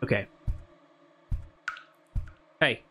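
A man playing a horror game and commenting as he goes, talking to himself and jumping to high squeals when scared. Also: extremely slow, bright, forceful tone, soft background music. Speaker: gaming YouTuber.

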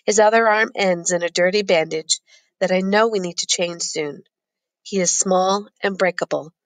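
Low, dry-voiced woman reading a novel. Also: normal speed, no echo. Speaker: audiobook narrator. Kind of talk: first-person novel narration.

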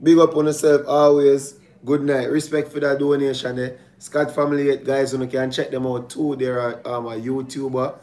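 A man's voice: mid-range voice, flat delivery, normal speed, darkish tone. A young man with a Jamaican accent, chatting playfully on a livestream and teasing his wife. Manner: playful, teasing, reads viewer comments aloud. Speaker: vlog co-host. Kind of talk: casual livestream chat.

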